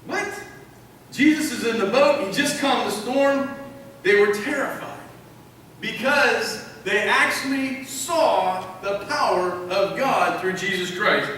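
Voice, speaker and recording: A male pastor with a high, pushed, bright voice preaches a sermon a little slowly, emphatically repeating key phrases and asking the congregation questions. He's recorded from far off in an echoey hall, with a little hiss or hum.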